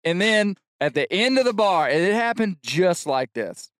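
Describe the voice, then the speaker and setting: A middle-aged man on a podcast telling a long funny story, animated and shouting out the lines he quotes. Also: high-pitched, normal speed, smooth, no room sound. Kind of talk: casual storytelling chat.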